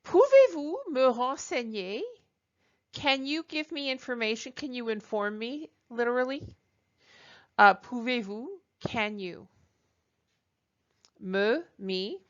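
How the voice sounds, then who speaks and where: A woman teaching a recorded French lesson, talking deliberately with frequent ums and uhs and modelling phrases for repetition. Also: on the high side, a bit bright, clear, resonant tone, lo-fi sound.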